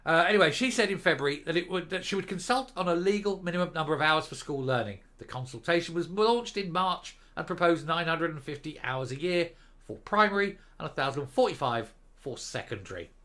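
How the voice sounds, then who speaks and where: A man's voice: fairly high pitch, expressive, a little fast, pushed and bright. An older man reads out news items and mocks them in a sarcastic, scornful rant as the host of a political commentary show. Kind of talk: reading news and ranting.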